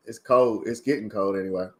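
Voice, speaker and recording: A man's voice: on the low side, a bit bright. A man from Maryland hosting a casual livestream, chatting and reading out viewer comments. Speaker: livestream host.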